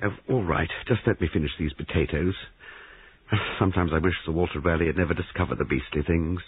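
A man's voice: deep voice, fairly quick, husky, no echo. A man voicing a flustered young newlywed woman who runs a guesthouse, speaking apologetically in a storybook reading. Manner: apologetic and earnest. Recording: tinny band-limited recording.

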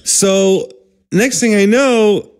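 A man co-hosting a podcast, telling a comic story in an animated, profane way that breaks into loud yelps. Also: high voice, drawn-out words, smooth. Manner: animated, profane, bursts into yelling. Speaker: podcast co-host. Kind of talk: casual comedic storytelling.

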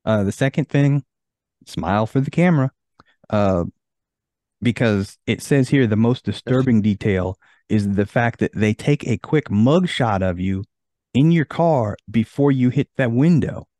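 A man's voice: mid-range voice, expressive, measured pace, mellow, dry recording, clean studio sound. A man hosting a podcast in casual chat, easygoing and reading from an article. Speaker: podcast host.

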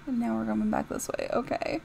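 A woman giving chatty, giggly commentary as she plays through a game mod, reacting out loud to what happens on screen. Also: a little high, steady tone, fairly quick, vocal fry, slight background noise, low-quality recording. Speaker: YouTuber reviewing game mods. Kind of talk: casual gameplay commentary.

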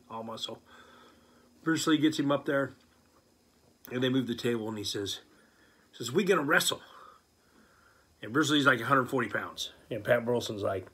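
A man casually telling a story aloud, animated, with many fillers, and he acts out what people said. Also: medium pitch, breathy edge. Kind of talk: casual spoken anecdote.

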